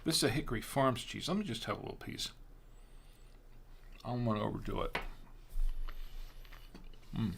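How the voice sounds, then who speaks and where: A middle-aged man hosting a wine tasting show, chatting casually and haltingly, sometimes talking while chewing. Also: medium pitch, vocal fry, background noise.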